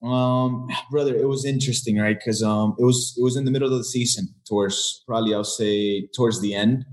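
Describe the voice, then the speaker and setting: A man who is a football coach, answering interview questions in a relaxed way with frequent restarts. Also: mid-range voice, a little fast.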